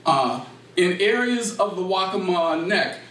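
A man with a South Carolina Low Country accent giving a library talk, quizzing the audience and affirming their answers. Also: lively intonation, unhurried, fairly bright tone. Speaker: speaker on culture and language. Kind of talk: public talk with audience questions. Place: library meeting room. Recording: roomy echo, distant mic, faint noise.

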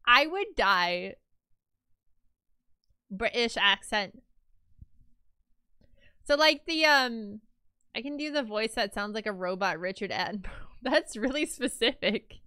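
A woman's voice: a little high, lively intonation, takes it slowly, pauses often, pushed and bright, clean tone, dry recording, studio quality. A young woman streamer in casual chat with her viewers, rambling and chatty with lots of fillers.

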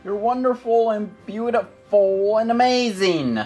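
A narrator voicing a nervous, jumpy young man in an audiobook, pitched up and cracking into high yells when scared, with a faint music bed behind. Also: unhurried, lightly acted. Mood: flattering. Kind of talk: audiobook character voice.

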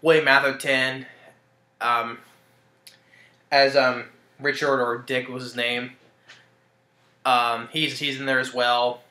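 In a casual spoken movie review, a man recaps a film in a rambling, hesitant way, restarting often and chuckling. His mid-range voice holds a level tone with a sharp edge, and he takes it slowly with frequent pauses. The recording has a roomy echo.

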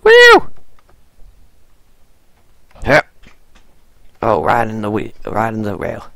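A man's voice: lowish voice, huge pitch swings, takes it slowly, creaky, sharp tone, no echo. A man giving goofy let's-play commentary, talking to the game character and repeating his own jokes. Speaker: gaming video host.

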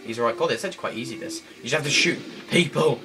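Excitable man commentating a game. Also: medium pitch, very fast. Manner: excitable, chatty, laughs and shouts at enemies. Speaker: gameplay commentator. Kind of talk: let's play commentary. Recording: game music loud behind voice.

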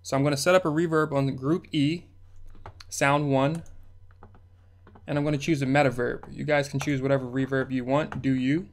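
A man's voice: medium pitch, little pitch movement, moderate pace. A man hosting a music production tutorial, talking through the steps in a laid-back, slangy way. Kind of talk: casual screen-recorded tutorial narration.

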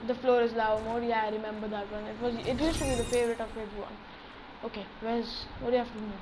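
A gaming channel host giving excitable live commentary on his own play, talking to himself as he goes. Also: medium pitch, fast talker, noisy background. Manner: excitable, talks to himself while playing.

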